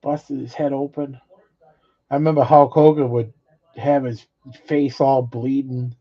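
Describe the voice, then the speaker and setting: A man's voice: medium pitch, flat delivery, measured pace. A middle-aged man casually rambling through old stories, swearing freely and laughing between them. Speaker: vlogger. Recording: dull lo-fi audio.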